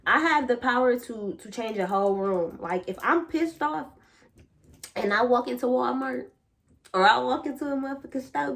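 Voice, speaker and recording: Young woman vlogging, casual spiritual talk, blunt and sweary, lots of slang, animated. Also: fairly high pitch. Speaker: vlogger and tarot reader. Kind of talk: casual spiritual chat to camera.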